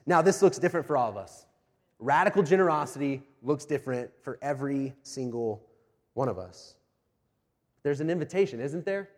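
A man's voice: a little high, animated, normal speed. A man in his thirties, a pastor preaching a sermon, earnest and emphatic, repeating his key phrases. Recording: long reverb of a large hall.

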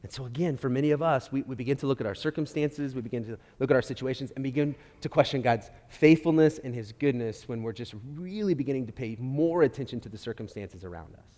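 A man preaching a sermon, telling a story with lively swings between loud emphasis and quiet asides, often restarting his phrases. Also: mid-range voice, quick pace, few pauses. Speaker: pastor. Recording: long hall reverb.

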